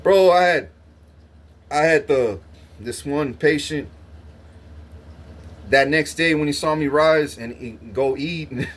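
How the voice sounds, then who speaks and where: A young man spins a meandering, profanity-laced story in loose casual talk. He stumbles over his words, laughs often, and keeps restarting sentences, in a voice pitched a little above the usual for a man. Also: slow pace, long pauses. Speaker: livestreamer.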